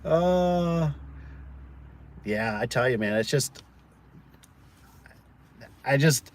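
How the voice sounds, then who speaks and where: In a medium-pitched voice with no echo, this man, who owns a door and gate business, rambles through a casual livestream chat. He tells stories, acting out quoted people and leaning on plenty of fillers.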